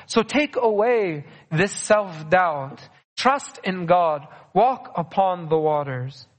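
High-voiced preacher in an echoing hall. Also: male voice. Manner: earnest, repeats key phrases for emphasis. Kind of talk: sermon. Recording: long reverb of a large hall.

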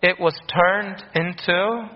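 A man's voice: high-pitched, fairly even intonation, slow pace. A man preaching a sermon in an earnest way, repeating key phrases for emphasis. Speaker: priest. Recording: dull lo-fi recording.

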